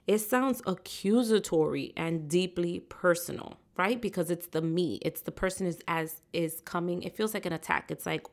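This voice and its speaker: A woman's voice: on the low side, lively intonation, measured pace. A woman hosting a solo podcast, talking to listeners with uplifting, preacher-like encouragement. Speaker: podcast host.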